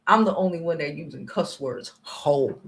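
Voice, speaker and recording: Ranting on her channel's livestream, an American woman host is blunt, profane, and confrontational, shifting from loud outbursts to low muttering. Her delivery is a little slow.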